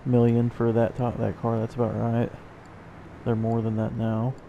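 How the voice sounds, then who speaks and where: A man's voice: medium pitch, monotone, normal speed, gravelly, phone-quality sound, background noise. A tired man casually commenting while playing a video game, rambling with self-mocking asides. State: yawning, tired. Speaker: let's play host.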